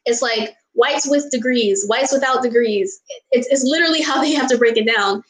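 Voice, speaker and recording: A fairly high-voiced American woman chats casually at normal speed, answering viewer questions on her vlog. She rants with exasperation, laughing and apologizing often. Poor, reverberant audio.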